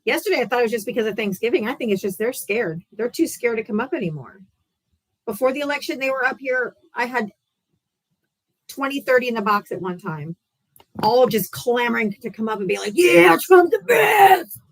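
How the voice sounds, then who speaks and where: A woman's voice: fairly high pitch, fairly quick. A woman hosting a live political debate stream, ranting in a casual, profane, sarcastic and heated way. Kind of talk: casual livestream rant.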